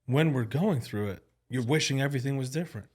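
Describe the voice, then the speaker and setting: A man's voice: mid-range voice, fast talker, a little mellow. A man hosting a podcast, chiming in with brief, agreeing remarks during a casual interview. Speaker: podcast host.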